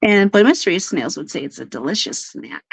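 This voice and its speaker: A woman hosting a casual live stream, bubbly and quick to laugh, who baby-talks to her pets while she chats. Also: on the low side, very animated, gravelly, slight background noise. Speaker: livestream host. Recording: dry, slightly dull livestream audio.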